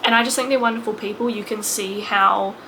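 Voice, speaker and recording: A woman's voice: medium pitch, steady tone, fairly quick, bright, forceful tone, slight background noise, low-quality recording. A woman in her late twenties talking to camera in a personal vlog, emotional and rambling, full of fillers and restarts. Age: 20s. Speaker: vlogger.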